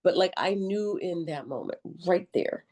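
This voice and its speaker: A middle-aged woman as a podcast guest, telling her story in a lively, joking, colloquial way and acting out her own quotes. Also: on the low side, unhurried. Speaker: podcast guest, army veteran nurse. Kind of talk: conversational interview storytelling.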